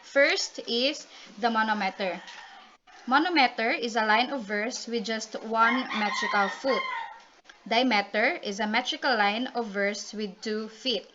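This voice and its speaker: Reading definitions for a class report, a woman stumbles through frequent ums and restarts at a measured pace. She speaks on the high side, and the recording is dull, lo-fi, and noisy.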